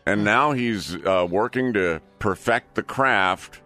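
A man's voice: lowish voice, slow pace, bright, forceful tone, no echo, faint music behind. A middle-aged man co-hosting a radio call-in show, offering dry, wry remarks. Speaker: radio co-host.

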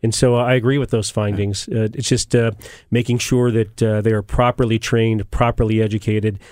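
Measured, hesitant sheriff with a flat voice. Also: male voice, fairly low pitch, no echo, clean studio sound. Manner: measured, hesitant with many fillers. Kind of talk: radio talk show guest.

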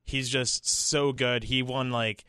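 A man's voice: medium pitch, level tone, slow, pushed and bright, smooth, dry recording, clean studio sound. A man co-hosting a radio show, casually going through sports betting odds. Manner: informative, reads sports odds. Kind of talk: casual on-air chat.

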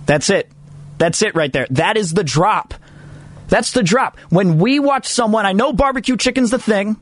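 Animated male sports radio host. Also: high-pitched, normal speed, no room sound. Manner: animated and emphatic, jokey asides. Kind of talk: casual sports talk segment.

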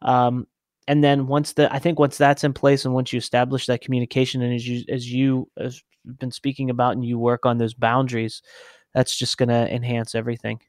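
Male podcast host, thoughtful, medium pitch, dry recording. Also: completely flat delivery, brisk, no room sound. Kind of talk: conversational interview.

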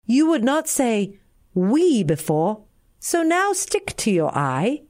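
A woman reading the part of a wise male traveling companion in a fable, measured and lecturing. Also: very high voice, wildly swooping pitch, darkish tone, full character voice.

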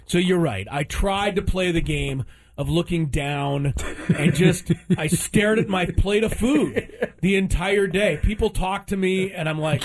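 A man's voice: high voice, a little slow, no echo. A man telling a story in casual chat, acting out the dialogue with exasperation. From Southern California.

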